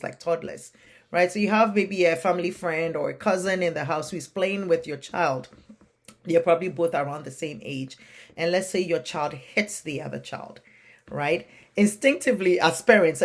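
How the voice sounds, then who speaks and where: A woman from a non-Western country who coaches parents, talking earnestly and plainly to camera, often checking in with "right?". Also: lowish voice. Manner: earnest, plain-spoken, keeps asking "right?". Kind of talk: advice talk to camera.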